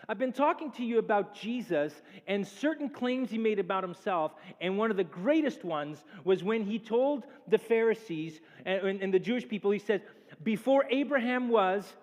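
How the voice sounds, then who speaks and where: A man preaching a sermon as a pastor, lively and acting out the voices in the stories he tells. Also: high-pitched. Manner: animated preaching, acts out quoted speech. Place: church sanctuary. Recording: long church reverb.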